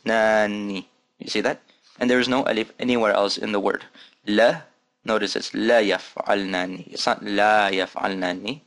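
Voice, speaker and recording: A man's voice: fairly low pitch, a bit bright. A man teaching an Arabic reading lesson, patiently saying each word several times and explaining it step by step. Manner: patient, repeats words slowly for drilling. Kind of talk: recorded lesson.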